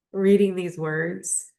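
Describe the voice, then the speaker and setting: A woman's voice: lowish voice, vocal fry, warm tone. A young adult woman who hosts a spiritual astrology channel. She reads a spiritual text aloud and reflects on it, emotional and choked up, laughing between passages.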